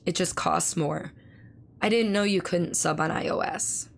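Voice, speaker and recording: A hoarse woman with laryngitis, chatting casually with her stream viewers and reading their messages aloud, speaking slowly to spare her voice. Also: on the low side. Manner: reads viewer messages aloud and answers them. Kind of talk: casual live-stream chat.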